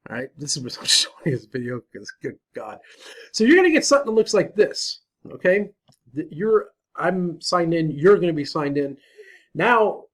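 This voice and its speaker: Man casually walking students through a website. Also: fairly high pitch. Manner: casual, self-deprecating, talks to himself while clicking. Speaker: chemistry teacher. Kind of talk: screen-recorded software walkthrough.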